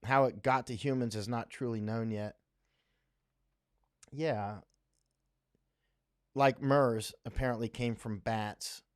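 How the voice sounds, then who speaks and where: A man's voice: mid-range voice, fairly even intonation, slow pace, pauses often, no room sound, studio quality. A man from Florida hosting a casual livestream, rambling and chatty, reading viewer comments aloud with many fillers. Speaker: livestream host reading chat. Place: home in Thailand.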